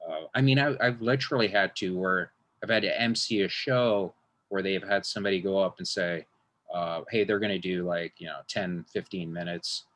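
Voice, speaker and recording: A man's voice: sits low, moderate pace, a bit bright. A man, a magician, talking in a casual interview, rambling with frequent restarts and acting out quotes.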